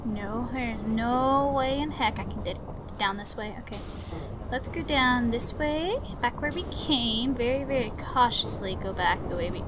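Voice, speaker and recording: A young woman giving casual gameplay commentary, chatty and jumpy, muttering to herself and bursting into panicked yells. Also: on the high side, moderate pace, noisy background. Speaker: gaming commentator.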